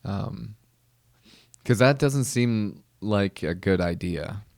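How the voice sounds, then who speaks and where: A man's voice: lowish voice, slow pace, creaky, a little mellow, no room sound, clean studio sound. A man hosting a podcast, doing a rambling, joking comedic monologue. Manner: rambling, joking, full of fillers and restarts. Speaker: podcast host.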